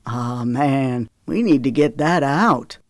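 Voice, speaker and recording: A woman's voice: lively intonation, takes it slowly, dry recording, studio quality, exaggerated voice. Woman doing a teasing rugged young man. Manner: low, teasing drawl.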